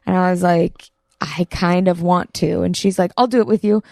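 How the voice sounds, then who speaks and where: A woman's voice: lowish voice, fairly even intonation, moderate pace, creaky, mellow, no echo, studio quality. A young woman, a guest athlete, in easygoing casual chat, laughing often and hesitating with fillers.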